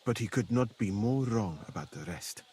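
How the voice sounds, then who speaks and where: An actor playing a calm, learned foreign physician in a camp, speaking in a measured, courteous way. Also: male voice, lowish voice, slight background noise, close to an everyday voice. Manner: measured, courteous, softly spoken. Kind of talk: video game dialogue.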